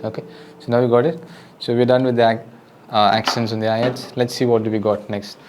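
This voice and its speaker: A fast-talking man with a medium pitch and flat delivery teaches drums in Indian-accented English. His casual lesson is patient and friendly, with beats counted aloud and step-by-step directions, all heard over loud drum music.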